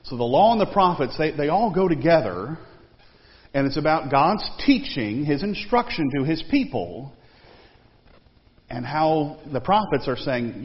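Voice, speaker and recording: A man's voice: a little high, very animated, a little slow. A man teaching a Bible study class in a conversational way, quizzing his listeners with questions. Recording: long reverb, dull lo-fi sound.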